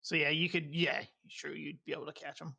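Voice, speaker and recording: A man's voice: a little high, flat delivery, a little fast, vocal fry, sharp tone. Laughing man running a tabletop game. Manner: laughs often while narrating outcomes. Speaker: dungeon master.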